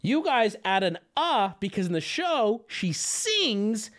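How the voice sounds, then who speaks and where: A man's voice: high-pitched, big pitch swings, measured pace. A man livestreaming and talking casually to his chat, rambling, joking and swearing freely. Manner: rambling, profane, jokey.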